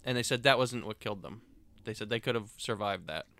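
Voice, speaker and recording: A man's voice: fairly low pitch, brisk, a bit bright, dry recording. A man co-hosting a casual podcast, telling stories and tossing in dry, matter-of-fact quips. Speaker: podcast co-host. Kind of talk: casual chat.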